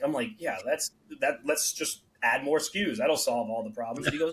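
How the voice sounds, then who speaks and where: A man's voice: medium pitch, brisk, few pauses, low-quality recording. A man, a beverage company founder, telling stories on a podcast and acting out the people in them. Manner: animated storyteller, acts out quoted dialogue. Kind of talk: casual podcast storytelling.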